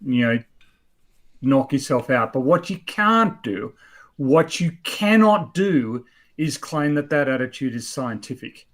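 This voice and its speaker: A man's voice: mid-range voice, lively intonation, a little slow, a bit bright. A man in his fifties hosting a casual chat, blunt and rambling with many fillers. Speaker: host.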